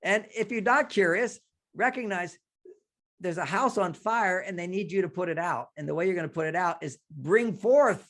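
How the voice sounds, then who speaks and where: An older man, a relationship expert on a radio interview, explaining ideas through lively stories and acted-out quotes. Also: a little high. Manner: animated storyteller, acts out quotes, laughs often.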